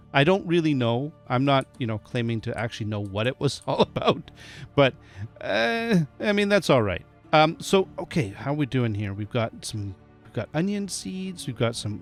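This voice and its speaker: A man giving casual, chatty gameplay commentary, often laughing and talking to the animals in the game. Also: mid-range voice. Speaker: gameplay streamer. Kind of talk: casual let's-play commentary.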